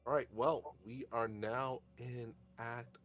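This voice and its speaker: A man as game master, calmly guiding players through a tabletop game session. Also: mid-range voice, slow, soft background music.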